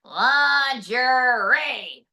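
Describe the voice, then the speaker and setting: A woman doing an impression of a blustering, boastful male president, delivered slow and deadpan. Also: medium pitch, distant mic. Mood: smug.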